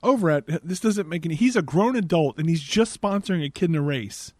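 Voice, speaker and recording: A man's voice: on the high side, expressive, a little fast, a little mellow, no echo. A man hosting a podcast, giving a casual, sarcastic and exasperated movie recap. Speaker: podcast host.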